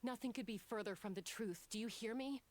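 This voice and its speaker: A woman's voice: fairly high pitch, fairly quick, a little hiss or hum, close to an everyday voice. A woman voicing a protective older sister warrior in a game cutscene, firm, reassuring and insistent. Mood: pleading. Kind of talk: video game cutscene voice acting.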